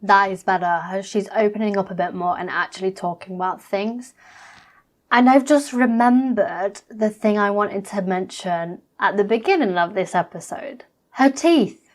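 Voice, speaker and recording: A woman's voice: medium pitch, normal speed. A woman reacting to a reality TV episode in a blunt, chatty way, swearing freely. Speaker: reaction vlogger.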